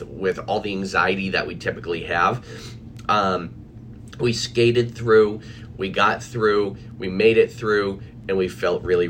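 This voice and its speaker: A man's voice: sits low, a bit bright, slight background noise. A man coaching on anxiety, talking casually and animatedly to viewers from his office, with fillers and restarts. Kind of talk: casual live video chat.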